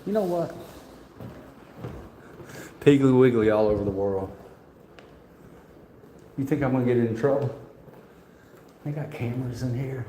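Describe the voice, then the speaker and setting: A man's voice: medium pitch, a little slow, long pauses, warm tone, a little hiss or hum. A man, chatting and joking as he vlogs his walk through a museum on a handheld phone. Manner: chatty, joking, rambling, laughs often. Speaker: vlogger. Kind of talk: casual vlog walkthrough. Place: indoor museum halls. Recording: echoey museum rooms, faint ambience.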